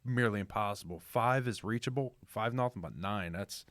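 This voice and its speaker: Low-ish guy co-host on sports radio, measured, analyzing games, dry booth. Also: a bit bright, dry recording. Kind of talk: casual sports talk. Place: radio studio.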